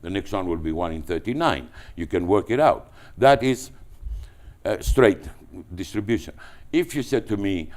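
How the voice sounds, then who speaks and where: A man from Greece with a Greek accent, telling business anecdotes as a guest, animated and full of restarts. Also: low voice, moderate pace. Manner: animated, with frequent restarts and repetitions. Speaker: entrepreneur guest. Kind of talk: anecdotal storytelling.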